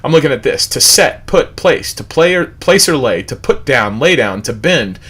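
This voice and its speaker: On a livestreamed Bible study, a man from the United States animatedly reads out word definitions and keeps asking rhetorical questions. His mid-range voice is husky, and his pace is moderate.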